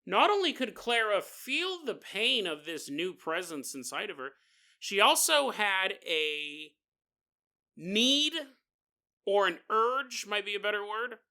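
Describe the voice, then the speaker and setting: A man's voice: high voice, pushed and bright. A man hosting a podcast, telling a ghost story casually with jokey asides and digressions. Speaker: podcast host. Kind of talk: comedic storytelling narration.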